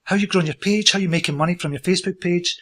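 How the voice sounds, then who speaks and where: A man's voice: sits high, racing, fairly bright tone. A man hosting an interview in a casual, eager, talkative way. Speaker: interview host.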